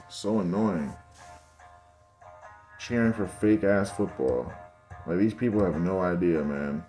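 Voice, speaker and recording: A man's voice: low voice, animated, takes it slowly, long pauses, warm tone, faint music behind. A young man giving casual video commentary over game footage, ranting in exasperation and calling his viewers guys and bro. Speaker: football commentary channel host.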